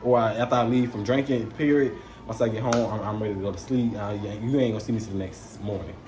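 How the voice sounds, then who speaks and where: A young man casually telling a story to camera, animated, slangy and swearing freely. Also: fairly low pitch, fast talker.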